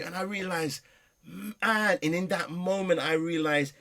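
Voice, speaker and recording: A middle-aged man, a podcast guest, telling personal stories with passion, swinging between loud and soft. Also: high voice, a little slow, gravelly. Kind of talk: emotional personal storytelling.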